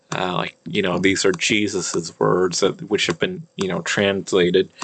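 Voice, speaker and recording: A man talks through an ancient text at his desk, halting and full of fillers as he works it out. His voice sits a little low and he moves very slowly. Faint keyboard typing sounds behind him. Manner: hesitant, thinking aloud with many fillers and restarts; reads old-language text slowly, word by word. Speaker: language teacher. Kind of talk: casual screen-share lesson.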